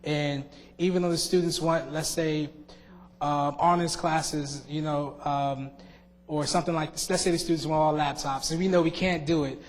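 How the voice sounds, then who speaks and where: A young man speaks in a fairly high voice, with many "um"s and restarts. He gives a sincere farewell speech as a student board member. The long reverb of a large meeting hall trails each phrase. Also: steady tone. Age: young adult. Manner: halting, many fillers and restarts. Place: school board meeting room.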